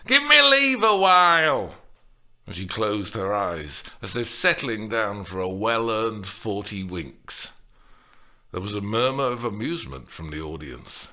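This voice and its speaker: Slow, lively deep-voiced male narrator. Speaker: audiobook narrator. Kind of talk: audiobook narration.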